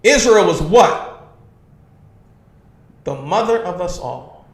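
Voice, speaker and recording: A man with a notably high voice leads a streamed religious class in a forceful preaching style. He drives each point home and keeps asking his listeners if they understand. His voice rings around an echoey room. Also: expressive, slow. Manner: emphatic, constantly asks "you understand?" and says "man". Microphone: livestream computer mic.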